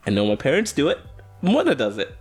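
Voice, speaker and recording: Animated young man on a podcast. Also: medium pitch, fast, soft background music. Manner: animated, jokey, laughs often. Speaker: podcast co-host. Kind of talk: casual chat.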